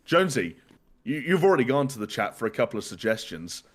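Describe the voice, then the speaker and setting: A man's voice: medium pitch, sing-song, fast. A man from the UK hosting a podcast in casual chat, rambling and restarting his sentences. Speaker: podcast host.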